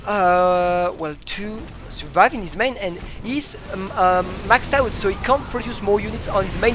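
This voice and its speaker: Soft background music accompanies an esports caster in a broadcast booth who speaks unhurriedly at medium pitch. His live play-by-play is in non-native English, eager and punctuated by sudden loud exclamations.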